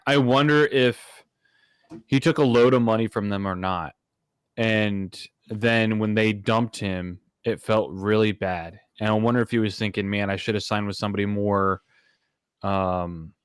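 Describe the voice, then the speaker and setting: A man's voice: on the low side, fairly even intonation, unhurried, clear, resonant tone, dry recording, studio quality. A man hosting a casual podcast, thinking aloud in a rambling, easygoing way. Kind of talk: casual chat.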